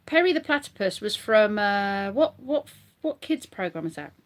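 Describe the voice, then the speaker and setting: A woman's voice: mid-range voice, big pitch swings, moderate pace, very noisy. A woman vlogging casually from bed at home, giggly and rambling as she chats to her viewers. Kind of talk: casual live chat to viewers.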